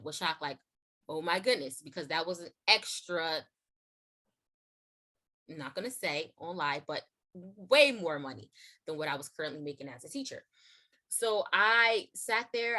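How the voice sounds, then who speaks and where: A young woman hosting and telling a personal testimony in a casual, chatty way, full of "like" and "you know", acting out quoted lines in a high voice. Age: young adult. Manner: acts out quotes in a high excited voice. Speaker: host sharing her testimony.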